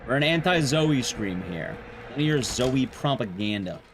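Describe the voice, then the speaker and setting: A young man streaming a game, chatting with viewers in a deadpan, joking way. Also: mid-range voice, moderate pace, noisy background. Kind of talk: casual gameplay commentary.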